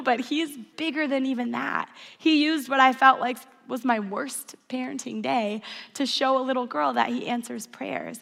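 Woman preaching, a bit high and gravelly, big echoey hall behind her. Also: fairly bright tone. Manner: earnest, storytelling, leads the audience in call-and-response. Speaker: speaker at a church service. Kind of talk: sermon. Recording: long hall reverb.

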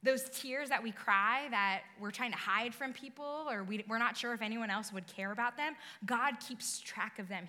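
A woman's voice: a little high, moderate pace, few pauses, pushed and bright. A woman preaching a sermon in a conversational way that swells into emphatic bursts. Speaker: pastor. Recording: long reverb of a large hall.

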